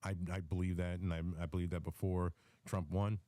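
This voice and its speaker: Deep, dark-voiced man ranting on politics. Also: flat delivery, brisk, no room sound. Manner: rambling, repeats words, frequent ums and restarts. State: has the hiccups. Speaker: host of a live audio space. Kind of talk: political commentary rant.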